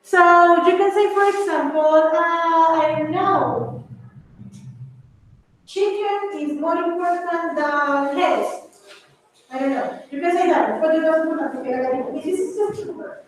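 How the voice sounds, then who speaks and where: A woman's voice: very high voice, a little slow. A woman whose first language is Spanish teaching an English grammar class, mixing Spanish into her explanations and calling her students babies. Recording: echoey room, far from mic, faint noise.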